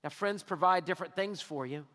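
A man preaching a sermon as pastor, emphatic and drawing out his words with pauses. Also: high voice, pushed and bright. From Texas. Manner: emphatic, with long drawn-out pauses. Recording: hall reverb.

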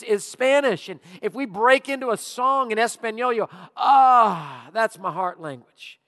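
A male pastor preaching a sermon, telling stories with animated, drawn-out emphasis. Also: sits high. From Louisiana. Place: church auditorium. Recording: long reverb of a church hall.

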